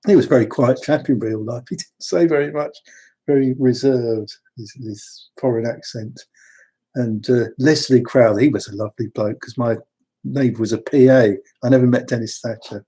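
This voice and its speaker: A man's voice: mid-range voice, moderate pace, mellow, breathy edge. A man from London, chatting through wandering personal stories with frequent restarts. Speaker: storyteller. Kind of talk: rambling personal anecdotes.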